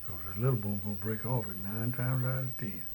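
An older man, giving short, plainspoken answers in a relaxed dialect interview. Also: lowish voice, a little fast, slight background noise, low-quality recording. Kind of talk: casual rural dialect interview.

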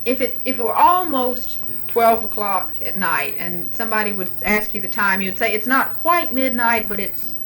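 A woman's voice: on the high side, lively intonation, moderate pace, hardly any pauses, fairly bright tone, low-quality recording. A woman interviewer who patiently prompts answers by starting sentences and leaving them for the other person to finish. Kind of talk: dialect survey interview.

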